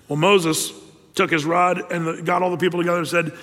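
High-voiced male pastor preaching in a hall. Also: a little fast. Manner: lively storytelling, asks rhetorical questions. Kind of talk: sermon.

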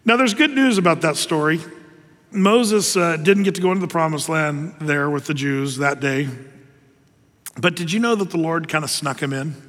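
A man preaching a sermon, telling the story lively with acted asides. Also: fairly high pitch, moderate pace, long reverb tail.

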